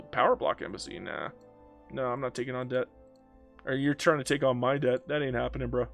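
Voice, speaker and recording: A man's voice: medium pitch, steady tone, normal speed, no room sound, faint music behind. A young man giving goofy, teasing let's-play commentary, haggling aloud with the game and calling everyone bro. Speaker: strategy game player.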